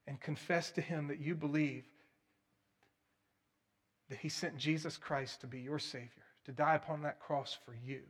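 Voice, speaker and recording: Earnestly preaching, a man with a slightly rough voice, a touch high for a man, belts out key words and then falls to a hushed, quiet appeal.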